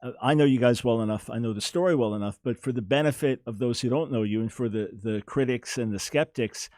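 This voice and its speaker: A male radio host who asks probing questions and answers with short affirmations. His voice sits at a middle pitch. The studio sound is close and dry. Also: fast, a little mellow, no echo. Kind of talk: radio interview.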